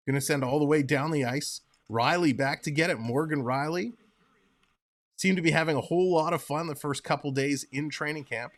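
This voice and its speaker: A man with a slightly high voice hosts a live stream and calls the hockey play by play. He is upbeat and chatty, and he keeps turning to answer viewers in the chat between calls. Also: normal speed. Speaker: livestream host and play-by-play commentator.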